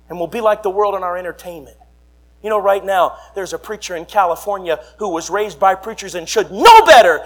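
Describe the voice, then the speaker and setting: A young man, preaching a fiery revival sermon and swinging between quiet asides and shouts. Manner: fiery, shouting, sweeping swings in pitch and volume. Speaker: traveling preacher.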